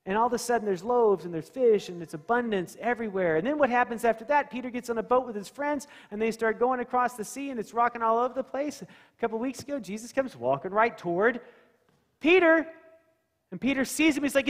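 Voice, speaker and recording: A man's voice: very high-pitched, animated, a little fast, big-room sound. A male pastor giving a conversational sermon in a church, asking the congregation questions and acting out scenes. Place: church sanctuary.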